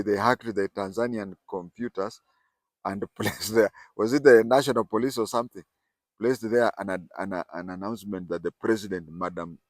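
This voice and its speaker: An older man, telling history stories in casual talk with animated emphasis. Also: on the low side, no room sound. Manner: animated, rising and falling emphasis. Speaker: storyteller host. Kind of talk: casual spoken storytelling.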